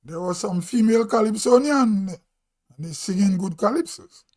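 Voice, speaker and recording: A man's voice: high voice, lively intonation, a little mellow. A man from Grenada with a Grenadian accent, talking casually on a live stream and musing aloud as he goes. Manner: slow, musing, thinking aloud. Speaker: vlog host.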